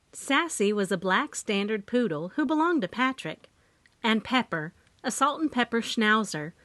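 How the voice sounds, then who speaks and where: Woman narrating an audiobook slowly. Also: mid-range voice, a bit bright, no room sound. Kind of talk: scripted first-person narration.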